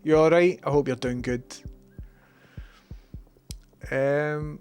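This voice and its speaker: A man's voice: on the high side, measured pace. A Scottish man casually chatting on his livestream, reading out chat messages with a slight cold in his voice. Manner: chatty, swears casually, reads chat aloud. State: has a cold.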